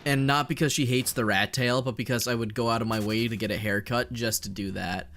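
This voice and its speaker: A young Canadian man streaming, chatting casually with his chat in a fairly monotone voice, swearing and joking as he rambles. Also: medium pitch, fairly quick. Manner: rambling, profane, jokey, reads and answers chat.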